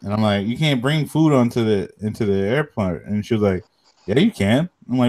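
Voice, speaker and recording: A man's voice: on the low side, animated, a little fast, darkish tone. A young man co-hosting a podcast, talking in a laid-back, slangy way and telling stories with animation. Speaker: podcast co-host. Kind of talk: casual chat.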